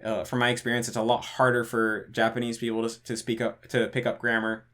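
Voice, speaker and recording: A man's voice: medium pitch, monotone, fairly quick, fairly bright tone. A man answering viewer questions in a casual monologue, thinking aloud and hedging, with frequent restarts and fillers. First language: English. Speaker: channel host answering patron questions.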